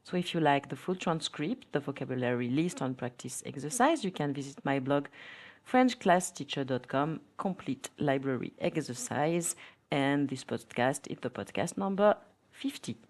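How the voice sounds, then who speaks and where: A woman's voice: low-pitched, animated, normal speed, a little mellow. A woman teaching French as a podcast lesson, reading example phrases aloud with a careful teaching delivery.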